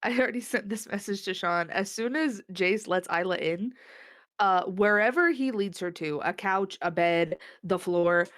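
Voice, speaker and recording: A woman's voice: mid-range voice, moderate pace, fairly bright tone. A woman playing a tabletop game over voice chat, chatty and playful about her character. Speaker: player.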